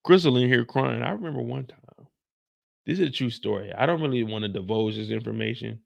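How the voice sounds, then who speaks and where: A man hosting a casual show recap, telling stories loudly with lots of profanity and acting out the dialogue. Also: mid-range voice, a little fast, gravelly, no echo, lo-fi sound. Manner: loud, profane, animated, acts out dialogue. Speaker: show host.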